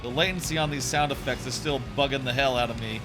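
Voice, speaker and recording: A man's voice: mid-range voice, quick pace, over music. A man streaming a video game, giving casual commentary and thinking aloud in a rambling way.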